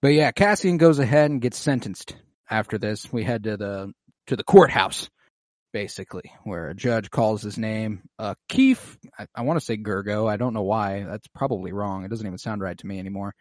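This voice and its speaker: A man's voice: on the low side, fairly quick, dry recording, studio quality. A young man casually recapping an episode on a podcast, acting out characters' lines in a raised voice. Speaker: podcast co-host recapping a TV series. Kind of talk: casual chat.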